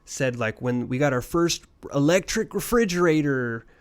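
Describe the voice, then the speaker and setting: A man's voice: fairly high pitch, expressive, moderate pace. Profane man telling a rambling story. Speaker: podcast co-host. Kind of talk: casual podcast chat.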